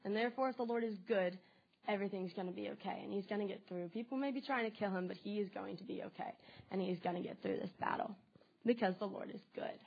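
A woman's voice: mid-range voice, quick pace, vocal fry, slightly rough. Woman preaching, earnest and chatty, says like a lot, slightly muffled lo-fi sound. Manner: earnest, conversational, with filler "like". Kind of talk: devotional sermon.

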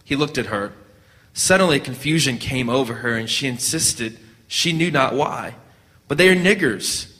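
A man reading a story aloud at a measured pace, now and then restarting a word. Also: mid-range voice, bright, forceful tone, big-room sound. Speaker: narrator.

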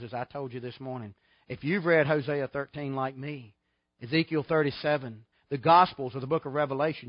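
A man's voice: mid-range voice, no echo, lo-fi sound. A middle-aged man preaching a sermon in a folksy, emphatic way, full of rhetorical questions. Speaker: pastor.

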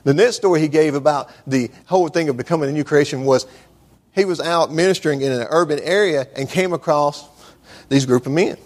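Man preaching a sermon, slightly high voice. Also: a little fast. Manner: conversational storytelling with restarts.

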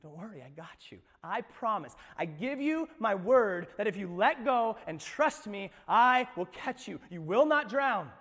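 A male preacher voicing a father coaxing his toddler to jump into the pool, with calm promises, in an echoey hall. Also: high voice, a little slow, hardly any pauses, voice pushed up, full character voice. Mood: reassuring.

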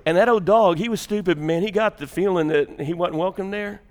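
An older man preaches a sermon in a church, voice sitting a little high for a man. He tells folksy stories and swings between loud, animated bursts and hushed, intense stretches. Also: a little fast, long reverb tail. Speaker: pastor.

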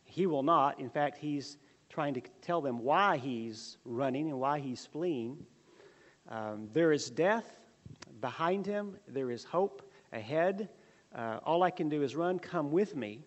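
A man's voice: a little high, lively intonation, slow pace, highs cut off. Earnest male Bible teacher, conversational, recorded in a reverberant church hall. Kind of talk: prayer then Bible lesson.

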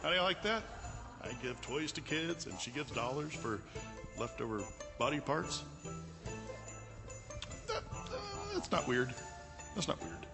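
An actor playing a jolly old Santa Claus in a holiday commercial, with a chuckling, dry comic delivery. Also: male voice, on the high side, big pitch swings, unhurried, vocal fry, pauses often, full character voice. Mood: wry. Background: holiday music.

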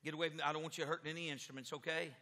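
A man preaching an animated sermon with a live demonstration, who stumbles over repeated words and works himself up to shouting. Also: a little high, racing. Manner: stammers on repeated words, gets fired up and shouts. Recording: echoey hall with long reverb.

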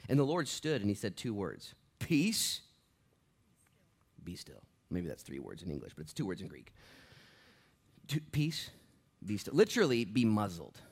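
A middle-aged pastor preaching a sermon, swinging from loud bursts to quiet, hushed asides. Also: male voice, on the low side, huge pitch swings, a little fast, slightly rough.

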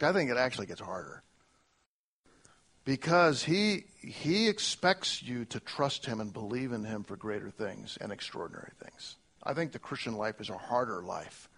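A middle-aged male pastor preaching a sermon, earnest, moving between loud exclamations and quiet reflection. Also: mid-range voice.

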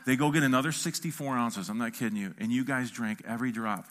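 A man's voice: mid-range voice, fast talker. A middle-aged man preaching a sermon as a pastor, telling a funny story and acting out the quotes of the people in it. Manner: animated, acts out quotes with a shifting voice.

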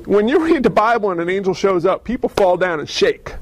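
A man preaching a sermon, telling stories in a conversational, animated way and asking the audience questions. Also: high voice, fairly quick, no room sound. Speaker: pastor.

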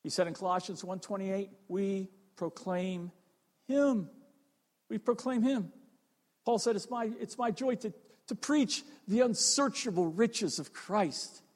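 Preacher, middle-aged man, high voice, fervent storyteller, big reverberant hall. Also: normal speed. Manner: fervent, storytelling, repeats phrases for emphasis. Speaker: fire chief and chaplain preaching. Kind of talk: sermon. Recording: long reverb of a large hall.

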